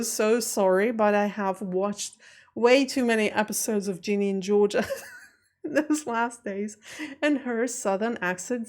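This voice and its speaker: A woman reacting to a TV episode from her home office at night, rambling through question after question with nervous laughs; English is not her first language. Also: fairly high pitch. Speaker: reaction video host. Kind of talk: casual chat to camera.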